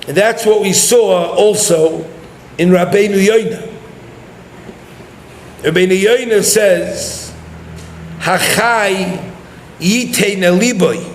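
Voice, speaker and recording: Rabbi, high voice, lecturing and quizzing students in a reverberant hall. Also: male voice, slow, pauses often, a little hiss or hum. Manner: mixes Hebrew and Yiddish terms into English, addresses listeners directly. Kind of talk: Torah lecture.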